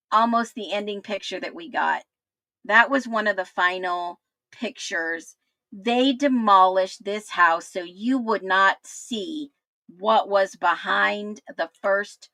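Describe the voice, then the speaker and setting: Slow, bright-voiced excited woman streamer. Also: medium pitch, no echo. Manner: exclaims in disbelief, talks to viewers directly. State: hoarse. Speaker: livestream host. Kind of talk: excited livestream commentary.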